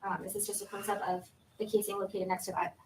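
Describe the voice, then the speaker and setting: A woman's voice: mid-range voice, flat delivery, fast, a little hiss or hum, poor audio. A woman prosecutor questioning a witness in a courtroom, formal and methodical as she goes through the exhibits. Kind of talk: courtroom examination.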